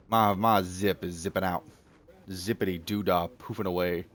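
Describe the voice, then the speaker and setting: A man's voice: low-pitched, steady tone, a little slow, a bit bright. A man with a Southern American accent, in his thirties, casually talking through a game on stream, rambling, joking about himself and chatting to the animals on screen. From Southern United States. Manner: rambling, self-mocking, chats to the game animals. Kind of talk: casual gameplay commentary.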